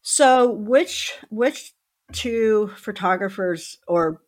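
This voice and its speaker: A woman hosting a podcast interview, asking questions in a relaxed, curious way. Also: medium pitch, extremely slow. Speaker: podcast host. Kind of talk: casual interview.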